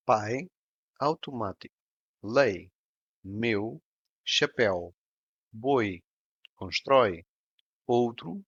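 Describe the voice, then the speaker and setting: A man narrating a scripted pronunciation lesson, slowing down to model each example sound with care. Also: on the low side, no echo. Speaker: language tutor. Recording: dull, lo-fi and dry voice-over.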